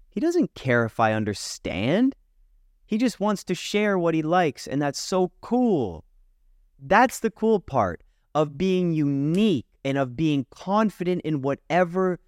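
A man hosting a spoken self-help podcast, talking casually and reflectively, acting out inner doubts with sudden jumps in pitch. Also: no room sound, studio quality. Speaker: anxiety coach and podcast host.

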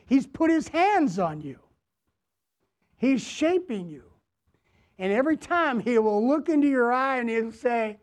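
A man preaching a sermon as pastor to his congregation, deliberate, repeating phrases and asking them questions. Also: very high voice, big pitch swings. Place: church, before a congregation.

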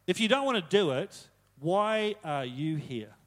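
High-voiced man giving a chatty sermon. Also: moderate pace, fairly bright tone. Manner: casual, joking asides, retold quotes. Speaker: preacher. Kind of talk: conversational sermon.

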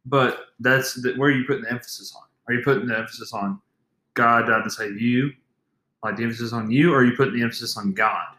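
A man's voice: mid-range voice, racing, hardly any pauses, fairly bright tone. A young man co-hosting a faith podcast, speaking earnestly and emphatically. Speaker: podcast co-host. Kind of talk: casual faith podcast talk. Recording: echoey room.

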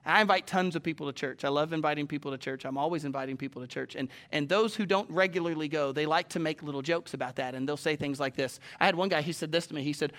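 A man preaches a sermon to his congregation in a church, with a bright, forceful voice. He talks animatedly and shifts from calm points into sudden loud, acted-out quotes. His voice sits a bit high for a man. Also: fast talker. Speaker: pastor. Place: church sanctuary with a live congregation.

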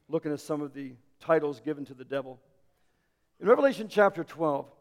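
A man preaching a sermon as a pastor, telling the story dramatically and swinging between loud passages and hushed ones. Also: a little high. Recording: hall reverb.

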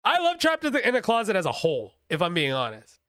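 A man's voice: high voice, wildly swooping pitch, fast talker, sharp tone, no room sound, clean studio sound. A man co-hosting a podcast in casual chat, rambling, swearing and laughing often. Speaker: podcast co-host.

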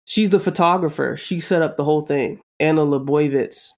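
Podcast co-host, casual chat, emphatic, repeats points, swears a lot, mid-pitched voice. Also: brisk, vocal fry, a little mellow.

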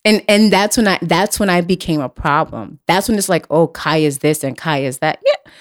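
A woman's voice: lowish voice, normal speed. A young adult woman hosting a podcast, talking bluntly and emphatically, repeating her points and swearing freely. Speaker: podcast host. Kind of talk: casual chat.

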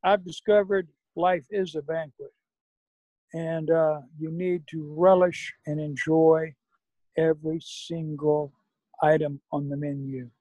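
A middle-aged man, a podcast guest, talking about recovery in a measured, folksy way. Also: fairly high pitch, level tone, warm tone, dry recording, rough recording. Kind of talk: reflective recovery conversation.

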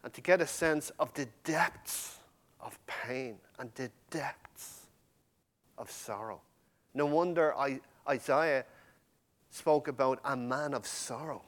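A man preaching a sermon with passion, swinging from loud emphasis to hushed, near-whispered lines and addressing the congregation directly. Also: medium pitch, takes it slowly.

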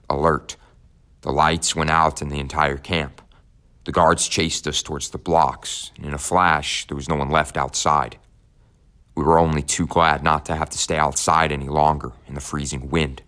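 A man with an extremely deep voice reads a first-person audiobook. His telling is measured and somber, unhurried and steady. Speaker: audiobook narrator. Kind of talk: scripted audiobook narration.

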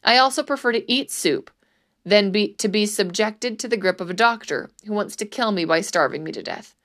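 A woman's voice: medium pitch, expressive, normal speed, fairly bright tone, natural voice. A woman voicing a frightened, reluctant middle-aged peasant man made governor, pleading and protesting. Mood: weary.

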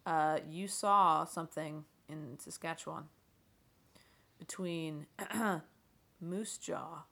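A woman's voice: low-pitched, slow pace, creaky, bright, forceful tone. A woman hosting an interview, asking friendly, curious questions and slipping in playful jokes. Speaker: interviewer, host. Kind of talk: casual interview.

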